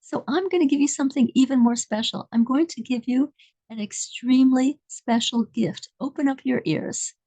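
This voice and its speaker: Brief: woman reading the lines of a tender, coaxing old rabbi, high-set voice. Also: moderate pace, mellow, dry recording, poor audio. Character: gentle elderly rabbi addressing schoolchildren.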